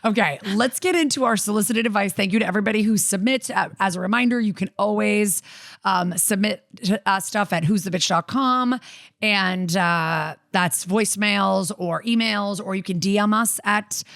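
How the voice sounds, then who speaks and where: A woman's voice: mid-range voice, moderate pace, creaky, fairly bright tone, no room sound, studio quality. A woman who is a mother, co-hosting a podcast in easygoing casual chat, full of likes and ums. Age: adult with a child. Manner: easygoing, many fillers, laughs often. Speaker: podcast co-host.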